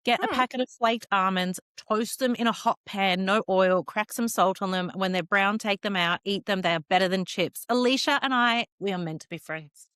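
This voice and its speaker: Lively Australian woman, chatty podcast co-host. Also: medium pitch, clean tone, no echo, studio quality. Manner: animated, chatty, quick to laugh. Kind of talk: casual chat.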